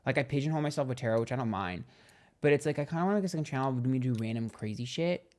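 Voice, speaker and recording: A young man talks casually to his livestream viewers. His voice is mid-pitched, and his delivery is chatty and gossipy, with plenty of swearing. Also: lively intonation, rapid-fire, a little mellow. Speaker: tarot reader and livestream host.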